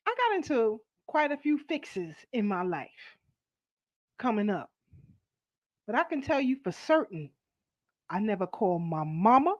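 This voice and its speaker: Woman, host, high voice, preachy, emphatic, dull lo-fi recording. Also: dry recording. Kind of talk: casual commentary, reading viewer comments. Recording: dry, dull lo-fi sound.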